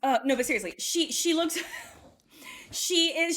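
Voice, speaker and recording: A young woman casually telling a story on a podcast. She is animated, swears freely, laughs mid-story and acts out quoted voices with big jumps in pitch. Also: unhurried.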